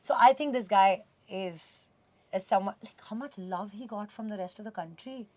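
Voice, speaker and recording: A woman from India being interviewed as a guest, talking in an animated, expressive way and slipping Hindi words into her English. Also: mid-range voice, normal speed, no echo. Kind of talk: casual conversational interview. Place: radio studio.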